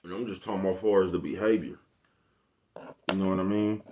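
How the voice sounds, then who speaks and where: A man's voice: low-pitched, steady tone, a little fast, dark tone, slight background noise. A man with a Bay Area accent talking casually to camera in a slangy, rambling monologue and laughing often. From San Francisco Bay Area. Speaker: vlogger.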